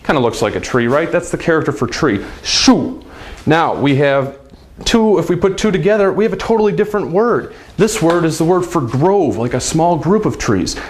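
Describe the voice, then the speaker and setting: A man with a slightly high voice gives a casual video lesson. He keeps it upbeat and chatty, talking straight to the viewer like a friendly teacher. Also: expressive, normal speed. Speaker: language teacher.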